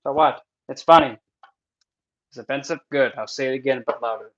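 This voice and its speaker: Male vlogger for a casual Q&A, jokey and rambling, mid-pitch, in-ear mic. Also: fairly even intonation, fast talker, a bit bright, dull audio. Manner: rambling, jokey, self-interrupting. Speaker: vlogger and spiritual instructor. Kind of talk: casual Q&A chat. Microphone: in-ear headset mic.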